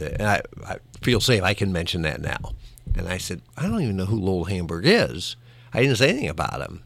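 A former morning radio host telling old stories in a relaxed conversational way, self-deprecating and laughing often, with small restarts. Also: male voice, low voice, creaky. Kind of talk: conversational storytelling.

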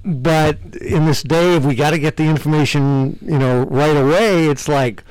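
A man co-hosting a casual radio chat, easygoing and reflective, with a soft chuckle. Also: a little high, big pitch swings, moderate pace, hardly any pauses, no room sound, poor audio. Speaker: radio co-host.

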